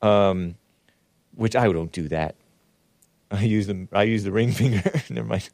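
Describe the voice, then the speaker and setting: A man's voice: on the low side, steady tone, unhurried, gravelly, darkish tone, no room sound. A man hosting a livestream talk show, reading viewer messages aloud and chatting in a rambling, chuckling way. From United States.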